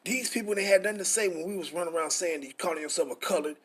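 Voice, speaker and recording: A man's voice: sits high, rapid-fire, a bit bright, husky. A middle-aged man, teaching scripture in a frustrated, profane, repetitive way. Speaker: preacher.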